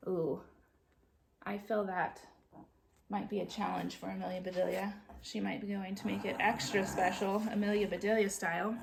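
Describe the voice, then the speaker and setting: A woman's voice: mid-range voice, little pitch movement, moderate pace, creaky, a little hiss or hum. A woman hosting a book club, reading a storybook aloud to a child with chatty, playful asides.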